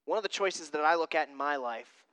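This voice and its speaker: Young preacher, lively sermon delivery, bright and crisp, dips quiet for key points. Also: medium pitch, a little fast. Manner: animated, acts out scenes, drops to a hush for emphasis.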